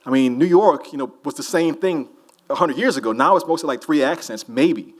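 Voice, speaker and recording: Speaking a little fast in a higher-leaning voice, a New Orleans author fields questions from a live audience in a festival hall. He rambles and jokes his way through the casual Q&A.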